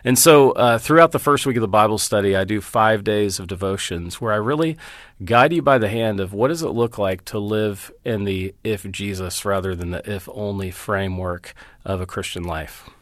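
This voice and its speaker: A man's voice: fairly low pitch, normal speed, fairly bright tone, dry recording, clean studio sound. A middle-aged man, a Bible teacher, speaking as a guest in an interview, earnest and storytelling as he walks through scripture references. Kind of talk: interview conversation.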